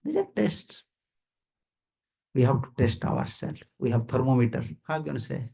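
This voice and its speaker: A man's voice: mid-range voice, wildly swooping pitch, normal speed, mellow. A man with an Indian accent giving an informal sermon at a house gathering, repeating his points emphatically and checking that listeners understand. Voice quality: gravelly and husky. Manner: repetitive, emphatic, asks listeners "you understand?", chuckles often. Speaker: visiting swami giving a talk. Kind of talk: informal sermon to a small group.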